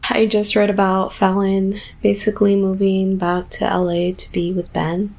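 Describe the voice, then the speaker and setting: Reading on camera, a woman in her twenties who runs a book vlog casually gushes, dramatizes, and gets exasperated. She speaks at a moderate pace with a medium pitch and flat delivery, and her voice is creaky and a little mellow.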